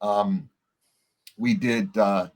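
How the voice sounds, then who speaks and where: A man, a podcast guest, telling long stories in a relaxed conversational way and acting out the other people's lines himself. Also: on the low side, drawn-out words. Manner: animated storyteller acting out quoted voices. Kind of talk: conversational storytelling.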